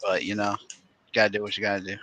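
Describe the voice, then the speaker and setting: Man, fast and sharp, low voice, quick profane interjections in chat. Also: completely flat delivery.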